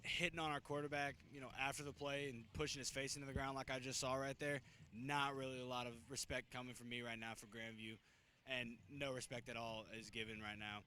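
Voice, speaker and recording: A man commentating a school football game outdoors, blunt and openly indignant. His voice is bright and tense, with faint outdoor noise behind it. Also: medium pitch, little pitch movement, brisk, hardly any pauses. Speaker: color commentator.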